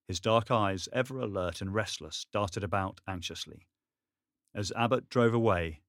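This audiobook narrator, a man whose voice sits on the low side, reads from a script with a steady, measured storytelling delivery. The recording is dry and of studio quality.

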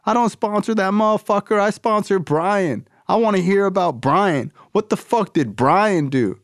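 A man voicing his tough, profane male sponsor, who scolds him with mocking, rapid-fire questions. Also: high voice, no room sound, studio quality, voice pushed up, lightly acted. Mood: scolding.

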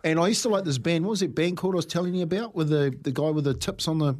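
Husky-voiced man telling rambling stories. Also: a little high, rapid-fire, a little mellow. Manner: rambling storyteller, laughs often, says "mate". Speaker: radio co-host. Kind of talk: casual breakfast radio banter.

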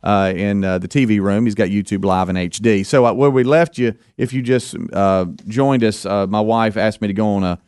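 A man hosting a live radio show, telling a story in an animated way, repeating words and acting out what people said. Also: on the low side, normal speed, hardly any pauses, clear, resonant tone, no echo, clean studio sound. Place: radio studio.

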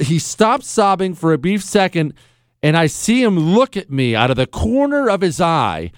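A male talk radio host with a fairly high voice that swings all over as he spins a story. His delivery is blunt and sardonic, and the sound is close and dry with no room echo.

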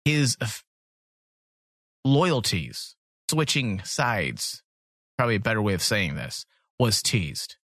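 A man's voice: on the low side, sing-song, slow, pauses often, fairly bright tone, no room sound, clean studio sound. A man co-hosting a casual podcast, talkative and joking, sometimes reading summaries aloud. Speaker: podcast co-host.

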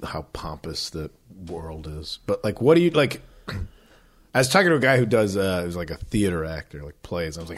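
A man's voice: sits low, sing-song, moderate pace. A man co-hosting a podcast in casual chat, rambling, swearing freely and acting out voices as he tells stories. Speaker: podcast co-host.

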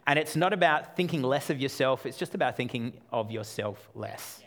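An Australian man in his thirties preaching a sermon with self-deprecating humor, swinging between loud and quiet delivery. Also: medium pitch, lively intonation, normal speed. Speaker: pastor.

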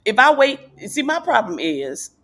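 A woman comedian being interviewed in a casual podcast chat, loose and rambling, leaping into high excited voices when she quotes people. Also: moderate pace. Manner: loose, rambling delivery with restarts. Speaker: guest comedian.

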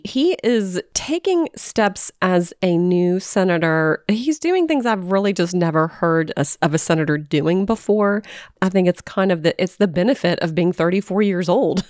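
Thoughtful low-voiced woman columnist. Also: a little mellow, dry recording, studio quality. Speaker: political columnist, co-host. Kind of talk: casual radio talk.

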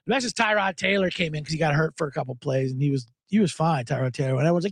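A man hosting a casual sports podcast, talking in an animated, profane way and jumping between topics with loud mocking impressions. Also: on the high side, rapid-fire, few pauses, no echo. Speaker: podcast host.

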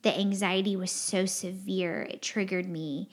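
A woman with a medium-pitched voice hosts a podcast, speaking in a steady tone at a measured pace. Her talk is candid and confessional as she shares personal feelings in an earnest, rambling, heartfelt way, full of fillers.

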